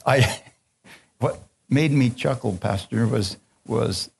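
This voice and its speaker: A man's voice: mid-range voice, takes it slowly, gravelly, long pauses, slightly rough. A man preaching, leading prayer and call-and-response, reading scripture aloud and commenting on it, and chuckling while he tells a story.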